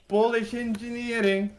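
Very high-pitched man shouting game callouts. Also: background noise. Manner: excited shouted callouts, laughing. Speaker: teammate. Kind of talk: gaming voice chat callouts.

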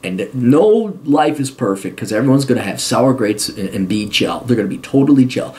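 A man's voice: medium pitch, lively intonation, normal speed, a little mellow. A man giving blunt, profane advice to a viewer, swearing heavily and repeating his points for emphasis. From United States. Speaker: host answering a viewer question. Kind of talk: profane advice rant to camera.

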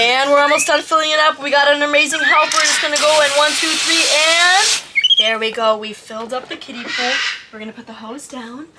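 A young woman vlogging outdoors with her pet monkeys, gushing, squealing and using baby talk with the animals. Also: high voice. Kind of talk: excited vlog narration. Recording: loud background noise.

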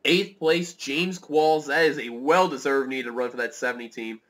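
A man calling a motor race play by play, excitable and rising to near-shouts at close finishes. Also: mid-range voice, normal speed. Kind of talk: live motorsport commentary.

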